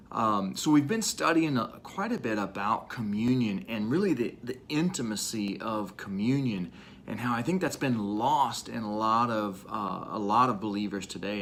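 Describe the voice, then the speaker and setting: A man's voice: fairly low pitch, vocal fry, a bit bright, a little hiss or hum. A man vlogging for a church community, telling a vivid first-person faith story in a casual way.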